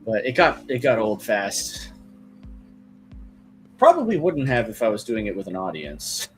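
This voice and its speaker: A man's voice: on the low side, big pitch swings, unhurried, soft background music. A man streaming as he draws, chatting casually in a loose, rambling way that is full of "like" and "kinda". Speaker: artist streaming while drawing.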